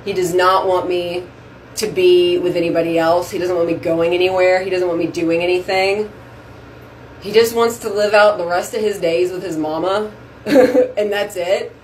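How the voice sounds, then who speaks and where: Chatting to the camera from her bathroom sink at home, a vlog host gushes to her viewers in a casual, effusive way and uses "y'all." She has a lowish voice with a steady tone and moderate pace, in a rough recording with some hiss or hum.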